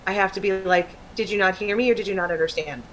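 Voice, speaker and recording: A woman's voice: mid-range voice, fast, a little hiss or hum, rough recording. A woman talking candidly in a casual chat, rambling and laughing often. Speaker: stream co-host.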